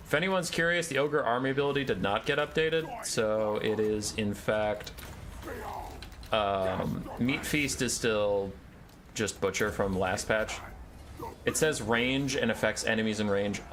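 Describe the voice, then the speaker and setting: A man's voice: lowish voice, a bit bright, a little hiss or hum. A young man giving live commentary on his own strategy game match, issuing orders to his units with sarcastic, joking asides.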